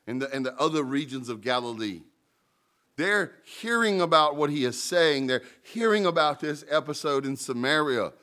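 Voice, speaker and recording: A man preaching in a church, telling stories and paraphrasing scripture in a relaxed, conversational way. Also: mid-range voice. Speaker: pastor. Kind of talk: sermon.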